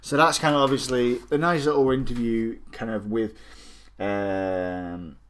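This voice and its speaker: A man's voice: medium pitch, steady tone, measured pace, a bit bright. A man, casually reviewing a collectible figure and its magazine in a rambling, jokey way. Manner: rambling and jokey, with many fillers and asides.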